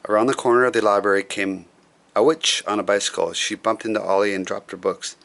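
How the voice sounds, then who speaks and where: Low gravelly man reading aloud. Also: brisk. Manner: relaxed, chatty asides. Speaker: storyteller reading to children. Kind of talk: picture-book read-aloud.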